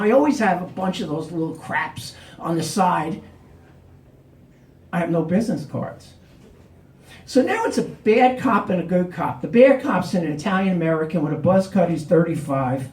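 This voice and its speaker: A middle-aged man telling a personal story live, acting out the other people's lines. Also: high voice. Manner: animated, acts out the cops' lines. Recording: roomy, distant mic.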